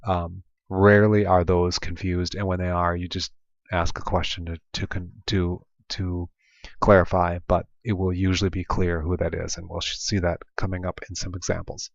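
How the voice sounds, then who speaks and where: Over lesson slides, a patient Spanish teacher with an Oklahoma accent, from Oklahoma in the United States, teaches with frequent ums and restarts. He has a low, gravelly voice with little pitch movement at a normal speed; the dull lo-fi voice-over has no room sound.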